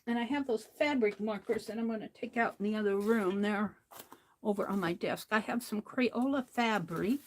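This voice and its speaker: A woman's voice: medium pitch, normal speed. A woman chatting casually while she crafts at home, rambling and talking to herself as she works. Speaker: art livestreamer.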